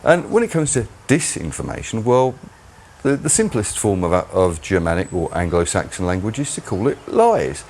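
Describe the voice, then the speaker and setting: A man's voice: on the low side, very animated, moderate pace, darkish tone, a little hiss or hum. A man hosting his own channel, delivering a rambling, mocking solo commentary. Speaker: channel host.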